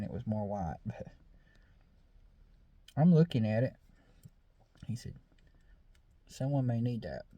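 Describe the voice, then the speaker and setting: A man's voice: medium pitch, warm tone, breathy edge. A middle-aged man, telling a true story in a casual, drawling way with many fillers and repeated "I said". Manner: easygoing, drawling, lots of fillers and 'I said'.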